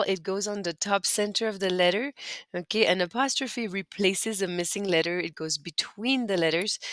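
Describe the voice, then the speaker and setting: A woman whose mid-range voice is a bit bright records with no room sound. She teaches French in a screen-recorded lesson, clearly and patiently leading students through typing accent marks step by step.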